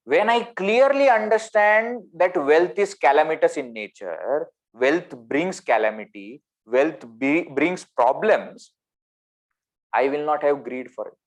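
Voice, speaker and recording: An Indian English man gives a spiritual talk over a video call. He is animated and keeps asking his listeners rhetorical questions. His voice moves between loud emphasis and near-quiet asides. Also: fairly high pitch, slow. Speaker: spiritual teacher. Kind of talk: spiritual discourse.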